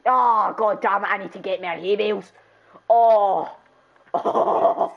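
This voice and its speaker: A woman chatting excitably as she streams a game, laughing often and breaking into loud exclamations. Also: mid-range voice, slow, creaky, phone-quality sound. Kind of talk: casual gameplay chat.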